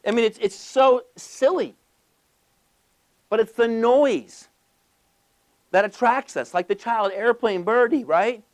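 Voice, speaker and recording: A man giving a passionate motivational business speech to a live audience, emphatic and full of rhetorical questions and rapid-fire lists. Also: very high-pitched. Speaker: motivational speaker.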